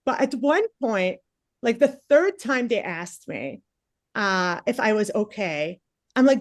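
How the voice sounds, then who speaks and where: A woman's voice: medium pitch, expressive, a little slow, dry recording, studio quality. Chatty self-mocking woman comic. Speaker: stand-up comedian. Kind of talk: stand-up comedy storytelling.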